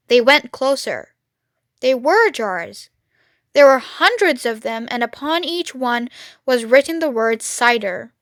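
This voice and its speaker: Woman, storybook read-aloud, high voice, bright, dry close sound. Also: no room sound. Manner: clear, expressive reading. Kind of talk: children's read-aloud narration.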